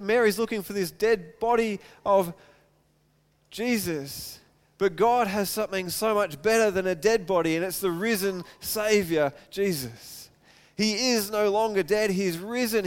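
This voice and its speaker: Man, sermon, preacher, high-pitched voice, smooth and resonant, repeated rhetorical questions. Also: a little slow. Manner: reads scripture aloud, then preaches with repeated rhetorical questions. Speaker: pastor.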